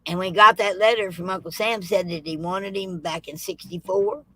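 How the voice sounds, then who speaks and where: A woman spins a comic tall tale in a drawling, folksy style, her delivery lively and full of rural turns of phrase. Her voice sounds bright and forceful. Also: medium pitch, moderate pace, no room sound, low-quality recording. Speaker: storyteller.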